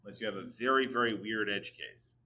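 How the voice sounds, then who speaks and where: A man's voice: fairly low pitch, quick pace, pushed and bright. A man lecturing a class as a chemistry teacher, coaxing students to answer and often drifting away from the microphone.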